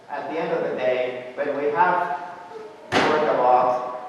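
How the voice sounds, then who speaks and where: A man giving an academic lecture, explaining ideas in measured, short phrases. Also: mid-range voice, a little hiss or hum. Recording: echoey hall, distant and muffled.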